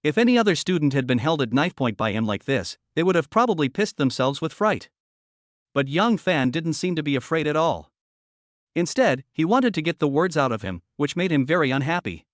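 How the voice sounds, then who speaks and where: Lively male audio-novel narrator. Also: fairly high pitch, fairly quick, no echo, studio quality.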